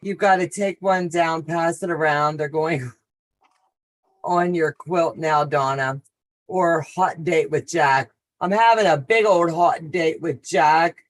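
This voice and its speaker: A woman's voice: low voice, slow, no room sound. A woman hosting a casual quilting livestream, chatting and reading viewer comments. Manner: friendly, reads viewer comments aloud.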